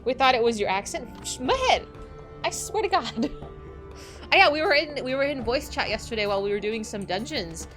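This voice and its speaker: A woman from Los Angeles, chatting excitably with viewers during a gaming livestream, laughing often. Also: sits high, moderate pace, faint music behind. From Los Angeles, USA. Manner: excitable, giggly, greets viewers. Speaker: game streamer. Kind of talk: casual livestream chat while gaming.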